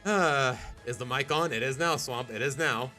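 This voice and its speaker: A young man live-streaming a video game, chatting casually with viewers in an animated, jokey way and sometimes slipping into silly accents. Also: medium pitch, moderate pace, soft background music.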